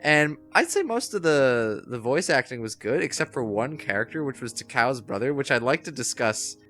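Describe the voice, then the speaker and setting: A man's voice: mid-range voice, moderate pace. A man in casual conversation, voice rising and falling a lot as he talks. He acts out characters' lines while he reviews a film, and faint music plays behind him. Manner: animated, quotes characters in put-on voices. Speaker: podcast co-host.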